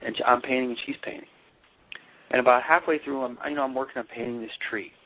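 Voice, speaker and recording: A man working as a life coach and counselor, telling a personal story in a phone interview with halting speech and frequent repeated words. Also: medium pitch, fairly even intonation, a bit bright, rough recording.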